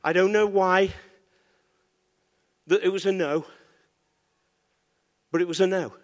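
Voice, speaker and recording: A pastor delivers a lively sermon, teasing his congregation and asking them for amens. His voice sits high for a man. The sound carries the long reverb of a large church hall. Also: slow pace. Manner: animated, playful, call-and-response.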